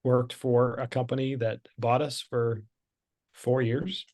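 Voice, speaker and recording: A man's voice: mid-range voice, fairly even intonation, slow pace, darkish tone. A middle-aged man telling his story as a podcast guest, candid and conversational with frequent fillers and restarts.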